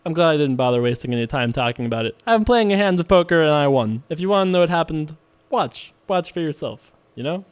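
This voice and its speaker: A talkative man with a voice slightly higher than usual keeps up easygoing banter while he plays poker online. He jokes at his own expense and laughs often. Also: expressive, fast, clear, resonant tone. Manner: chatty, joking, laughs often. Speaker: poker vlogger. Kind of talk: casual commentary while playing online poker.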